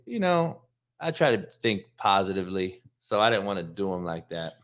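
A middle-aged man hosting his show, telling a profane, animated story in a casual monologue. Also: low voice, moderate pace. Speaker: host.

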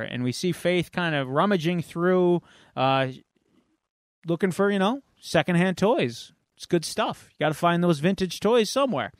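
High-voiced man rambling in casual chat. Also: fairly bright tone, clear, resonant tone, no echo, clean studio sound. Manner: rambling recap with many fillers and asides. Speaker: podcast host.

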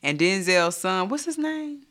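A man's voice: sits high, sing-song, measured pace, sharp tone. A man co-hosting a podcast, chatting casually and animatedly, swearing freely and laughing often. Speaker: podcast co-host. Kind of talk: casual chat.

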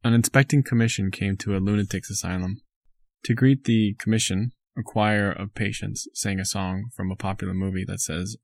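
A man co-hosting a casual chat, telling jokes in a deadpan way. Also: fairly low pitch, moderate pace, dry recording.

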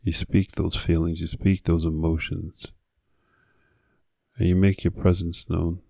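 A man's voice: low voice, little pitch movement, a little slow, vocal fry, warm tone, no room sound, studio quality. A man hosting a podcast, delivering an earnest motivational monologue with repeated exhortations. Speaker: podcast host.

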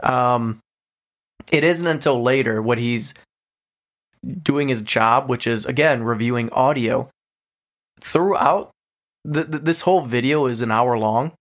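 Animated man retelling a story. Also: mid-range voice, unhurried, pauses often. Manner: animated retelling, many fillers. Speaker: podcast co-host. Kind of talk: casual chat.

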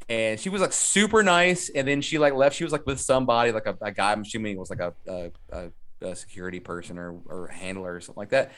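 A man co-hosting a podcast, telling an excited, profane story in casual chat. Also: on the low side, quick pace. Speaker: podcast co-host.

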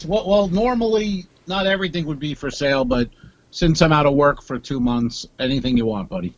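A man's voice: fairly high pitch, dry recording, muffled recording. A male comedian co-hosting a podcast in casual chat, rambling and restarting his sentences. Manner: rambling, halting delivery with restarts.

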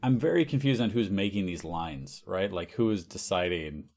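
A man's voice: low-pitched, animated, normal speed, vocal fry, a little mellow. A man co-hosting a podcast in casual chat, making dry, teasing asides. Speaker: podcast co-host.

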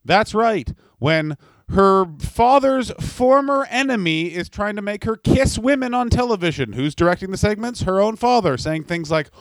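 A man's voice: high voice, animated, moderate pace, no echo. A man co-hosting a comedy podcast, ranting in crude, sardonic banter. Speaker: podcast co-host.

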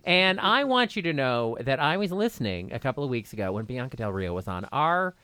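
A man's voice: mid-range voice, very animated, a little fast, sharp tone. A man chatting as a podcast guest, rambling and gossipy with self-mocking humor. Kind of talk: casual comedic chat.

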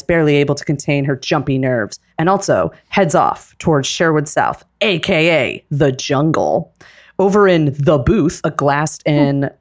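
A woman reading the stage directions aloud in a live script reading, in a steady, deliberate manner. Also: low voice. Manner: steady, deliberate, with occasional laughs.

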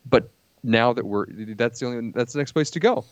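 A man co-hosting a casual movie podcast, enthusiastic and given to repeating himself when excited. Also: medium pitch, brisk, no room sound. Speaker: podcast co-host.

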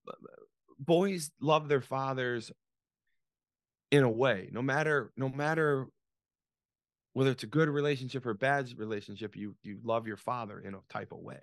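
Podcast guest in his sixties, man, gravelly, dry close mic, dramatic storyteller. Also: medium pitch, normal speed, pauses often, no room sound. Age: 60s. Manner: dramatic, repetitive, frequent restarts. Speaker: podcast guest, author and business coach. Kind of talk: conversational storytelling.

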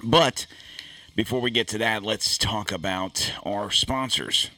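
Bright-voiced, rambling podcast host. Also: male voice, fairly low pitch, takes it slowly, faint music behind. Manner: rambling, joking, many fillers. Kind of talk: casual chat. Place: home studio. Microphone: studio podcast mic.

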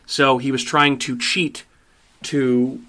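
A man's voice: medium pitch, slow pace. A man co-hosting a casual movie review chat, emphatic and swearing freely as he tells it. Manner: profane, emphatic, animated storytelling. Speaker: podcast co-host.

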